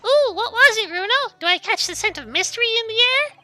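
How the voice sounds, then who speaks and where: A man putting on the voice of an excitable young girl while reading a story game aloud on a live stream. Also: very high-pitched, a little fast, faint music behind, voice pushed up, exaggerated voice. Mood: eager.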